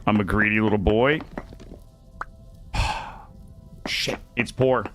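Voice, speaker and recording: A man streaming a survival game live, chatting with viewers in an excitable, jokey way and arguing his case to chat. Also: fairly low pitch, extremely slow, long pauses, soft background music. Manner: excitable, jokey, defensive with chat, yelps and laughs. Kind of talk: live gameplay commentary.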